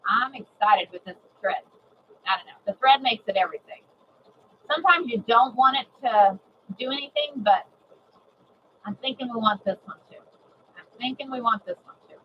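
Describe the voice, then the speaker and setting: A woman giving a live sewing demonstration, chatty and excitable, repeating herself and greeting viewers. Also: fairly high pitch, moderate pace, pauses often, muffled recording, slight background noise. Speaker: sewing instructor.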